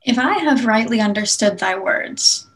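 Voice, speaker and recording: A woman's voice: fairly high pitch, expressive, measured pace, a bit bright, poor audio. A woman reading as Virgil, a stately ghost guide. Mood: solemn. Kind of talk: dramatic verse reading.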